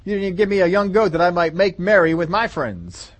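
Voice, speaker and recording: A man's voice: sits high, expressive, quick pace. A man voicing a bitter, resentful older brother from a scripture story, complaining indignantly.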